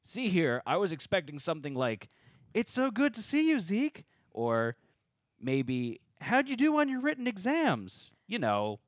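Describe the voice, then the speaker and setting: A man's voice: sits high, wildly swooping pitch, measured pace, no echo, clean studio sound, voice pushed up, exaggerated voice. A man voicing a cocky young male student who smokes, in a teasing, joking way during a tabletop game table read.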